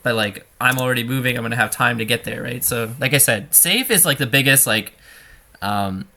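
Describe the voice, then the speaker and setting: A man coaching a student over gameplay in a relaxed, talky way, full of fillers and restarts. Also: medium pitch, fairly quick.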